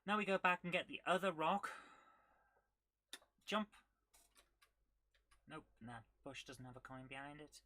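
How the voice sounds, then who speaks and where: A woman talks her way through a retro game on a live stream, thinking aloud and chatting to her viewers between moves. Her voice is bright and forward, with a keen edge to it, and she breaks into little hums and sound effects as she goes. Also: low-pitched, a little slow, long pauses. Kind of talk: live gameplay commentary.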